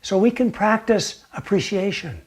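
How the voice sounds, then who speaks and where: A man giving a gentle teaching talk, telling a story slowly and sometimes dropping to a near whisper. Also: high-pitched, lively intonation, breathy edge. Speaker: meditation teacher.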